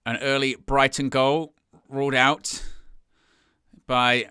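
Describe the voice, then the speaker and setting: A young man giving live fan commentary on a football match, in a bright, crisp, smooth voice recorded dry and close. He rambles in quiet casual asides, then bursts into loud, high shouts when a chance comes. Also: flat delivery, slow, no room sound. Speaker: fan watch-along host.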